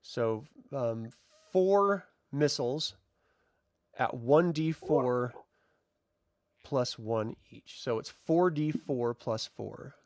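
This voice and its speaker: A man's voice: medium pitch, lively intonation, drawn-out words, dry recording, clean studio sound. A man running a tabletop game as game master, explaining rules patiently and laughing easily.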